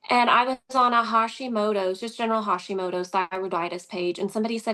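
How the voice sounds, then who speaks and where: A woman, speaking as an interview guest and telling a personal story in a conversational, animated way, acting out quoted dialogue. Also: mid-range voice, fast talker, few pauses.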